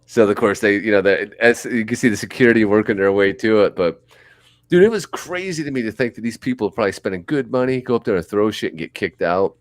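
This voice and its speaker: A man's voice: lowish voice, quick pace, no room sound. A middle-aged man co-hosting a podcast, telling loose, profane, rambling stories in casual chat. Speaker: podcast co-host.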